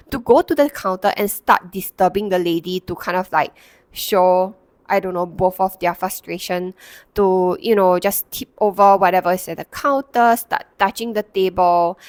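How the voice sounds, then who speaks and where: A woman's voice: medium pitch, dry recording. Reflective woman telling a personal story. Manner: reflective, with many fillers and restarts. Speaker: counsellor and Reiki practitioner.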